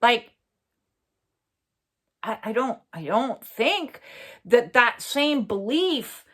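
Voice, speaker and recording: A woman giving an earnest, reflective personal monologue for her own channel. She pauses often, fills gaps with "uh" and swears bluntly for emphasis. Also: on the high side, big pitch swings, a bit bright. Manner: earnest, halting, many fillers and pauses. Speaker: spiritual channel host.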